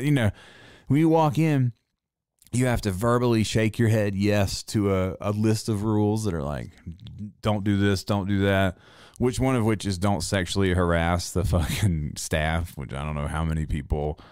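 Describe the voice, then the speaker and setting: A man's voice: on the low side, smooth, no room sound, studio quality. A man in his forties telling rambling, profane stories in casual chat. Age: 40s. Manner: profane, rambling storytelling with laughs.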